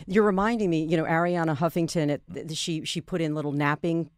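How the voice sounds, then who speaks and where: A woman hosting a podcast interview, encouraging her guest with quick affirmations. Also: sits low, fairly even intonation, dry recording, clean studio sound. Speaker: podcast host.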